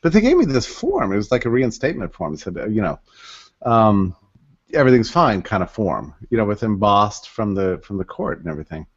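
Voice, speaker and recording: A man's voice: fairly low pitch, huge pitch swings, fairly quick, slightly rough, dull audio. A man casually telling a long personal story on a talk show, rambling and restarting often with frequent laughs.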